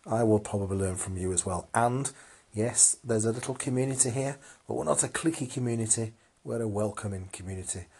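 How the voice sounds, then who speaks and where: Husky low-voiced man. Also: fairly quick. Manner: warm, encouraging, playful. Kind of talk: casual call-in chat.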